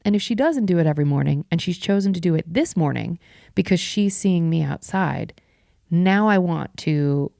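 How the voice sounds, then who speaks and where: A woman's voice: lowish voice, animated, normal speed, creaky, mellow, dry recording, clean studio sound. A woman hosting a podcast solo, telling an exasperated, sardonic story as a rant. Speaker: podcast host.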